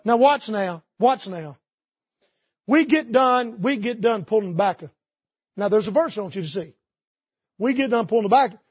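A man preaches from the pulpit, spinning folksy stories. His voice sits high and a bit husky. The sound is dry and dull, with a muffled, lo-fi edge. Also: darkish tone, no room sound. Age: 50s. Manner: folksy storytelling with Southern idioms. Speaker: pastor. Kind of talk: sermon. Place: church sanctuary.

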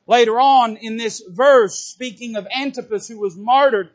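A man preaching a sermon, reading scripture slowly and then praying and preaching. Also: very high voice. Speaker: pastor.

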